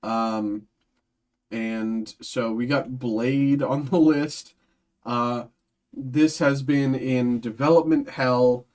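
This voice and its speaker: A man's voice: mid-range voice, steady tone, very slow, a little mellow. A man hosting a livestream, thinking aloud in casual chat, hesitant and full of ums and restarts. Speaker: card break host.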